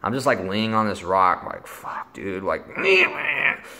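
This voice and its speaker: Young male vlogger, low and bright voice, loose rambling storyteller. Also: wildly swooping pitch, slow pace, creaky. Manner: rambling, lots of filler words and swearing. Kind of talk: casual storytelling.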